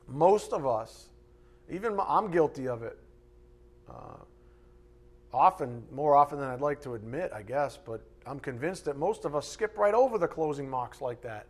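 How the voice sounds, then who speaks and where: A pastor delivering a live sermon from the pulpit in a church sanctuary. His voice sits somewhat higher than most men's. He speaks emphatically and conversationally, with mocking asides. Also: animated, moderate pace.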